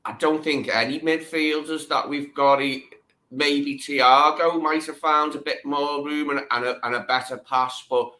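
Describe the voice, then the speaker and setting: A man with a bright, forward voice, pitched a little high, talking football casually as a guest. He agrees readily and circles back to repeat his points. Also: steady tone, unhurried. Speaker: guest co-host.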